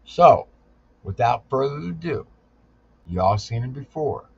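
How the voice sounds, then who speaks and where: A man's voice: mid-range voice, expressive, takes it slowly, creaky, slightly rough, no echo, muffled recording. A man hosting a live stream in casual talk, with hype greetings and laid-back slang.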